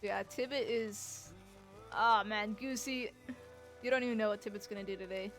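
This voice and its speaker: A woman's voice: mid-range voice, fairly even intonation, moderate pace, a bit bright, soft background music. Chatty woman streamer swearing casually. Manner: chatty, swears, talks to chat.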